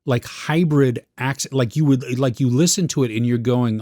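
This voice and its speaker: A man's voice: mid-range voice, normal speed, hardly any pauses, dark tone, no room sound, clean studio sound. A man co-hosting a podcast, chatting casually about a series he watched and searching for his words as he goes. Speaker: podcast co-host. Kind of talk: casual film review chat.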